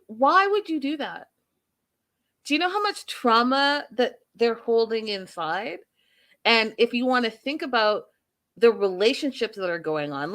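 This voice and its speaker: A woman with a slightly high, a bit bright voice hosts a casual, opinionated reality-show recap. She's a chatty storyteller who acts out what people said and drops opinionated asides.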